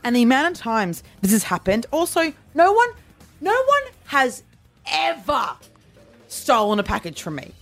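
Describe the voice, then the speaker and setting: A woman's voice: high-pitched, huge pitch swings, normal speed, faint music behind. A woman, co-hosting a podcast and ranting in exasperation, acting out little quoted exchanges. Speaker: podcast co-host. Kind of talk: ranting casual chat.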